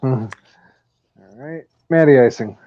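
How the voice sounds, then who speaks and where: Here a sports picks podcast host talks slowly in a mid-range voice, keeping things casual and profane and laughing a lot as he shares stories during his weekly picks. Sound is dull, lo-fi and dry.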